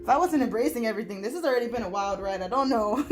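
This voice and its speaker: A woman's voice: on the high side, expressive, soft background music. Overwhelmed, teary woman tarot reader. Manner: emotional and fast-talking, addresses viewers as y'all. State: overwhelmed, close to tears. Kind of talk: emotional tarot reading to viewers.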